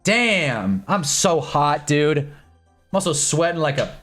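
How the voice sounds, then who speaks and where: A man's voice: fairly high pitch, takes it slowly, soft background music. Young man ranting on a livestream. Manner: animated, exasperated storytelling with swearing. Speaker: streamer.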